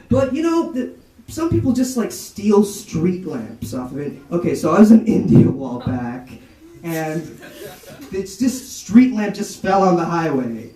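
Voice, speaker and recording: A young man performing an animated stand-up comedy set at a college comedy night, slipping into mock voices. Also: high-pitched. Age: young adult. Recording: roomy, distant amateur recording with crowd laughter. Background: audience laughing.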